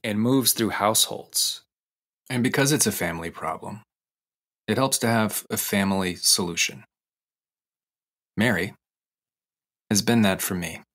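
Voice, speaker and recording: A man hosting a podcast, narrating a personal story in an intimate, confessional way and slowing down on key phrases. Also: lowish voice, fairly bright tone. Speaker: podcast host. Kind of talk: personal narration over music.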